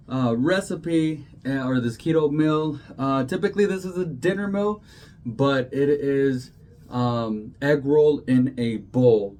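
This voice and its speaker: A man's voice: mid-range voice, slow, darkish tone, slight background noise, low-quality recording. A man hosting a home cooking video, talking casually and checking in with viewers with a frequent "okay?". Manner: chatty, says "okay?" often. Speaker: cooking channel host.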